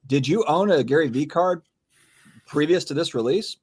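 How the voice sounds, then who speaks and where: A man's voice: on the high side, expressive, normal speed, breathy edge. A man co-hosting a trading card stream, making his points emphatically and repeating them. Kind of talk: casual chat.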